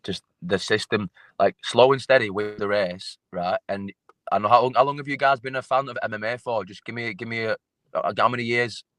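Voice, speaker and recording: Male fighter, mid-pitch, dry close sound, blunt sweary chat. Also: fairly quick, fairly bright tone, dry recording. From England. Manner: swearing, blunt, repeats himself. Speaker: MMA fighter guest. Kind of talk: casual interview chat.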